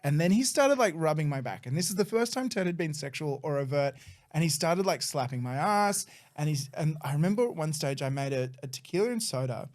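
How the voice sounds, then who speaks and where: A young man on a podcast, telling a story in a casual, animated way, with a lot of swearing. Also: on the high side, fairly quick. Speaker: podcast guest.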